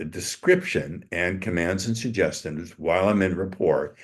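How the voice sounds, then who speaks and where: Man, very deep voice, interview guest, dating coach, slow suggestive storytelling. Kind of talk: interview, demonstrating hypnotic language patterns.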